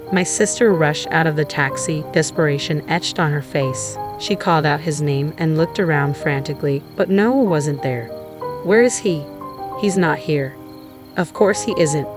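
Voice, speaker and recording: Low-voiced woman narrating a drama. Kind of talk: scripted first-person drama narration. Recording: music playing underneath.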